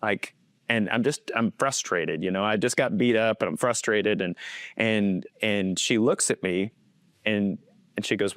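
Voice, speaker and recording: A man's voice: fairly low pitch, a little slow, a bit bright, no room sound, clean studio sound. A man in his thirties, a faith-based coach, earnestly telling personal stories as a guest and chuckling often as he talks. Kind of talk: personal storytelling in conversation.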